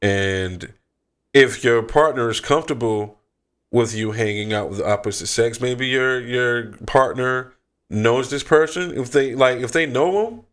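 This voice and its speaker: A woman's voice: rumbling low, a little slow. A woman co-hosting a call-in radio talk show, speaking hesitantly and stumbling over her words. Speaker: radio co-host.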